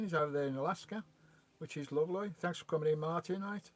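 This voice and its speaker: A man's voice: fairly high pitch, fast talker. A man hosting a casual live stream outdoors by a loch, chatting away and greeting viewers as he reads their messages, on a remote mic. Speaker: vanlife livestream host. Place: outdoors by a loch beside his van. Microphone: remote microphone.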